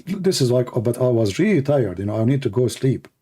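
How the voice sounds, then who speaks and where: A man's voice: mid-range voice, big pitch swings, a little fast, dark tone, breathy edge. A man hosting a long livestream who rants in a mocking, sarcastic way and acts out his opponents. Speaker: livestream debate host. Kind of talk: casual livestream rant.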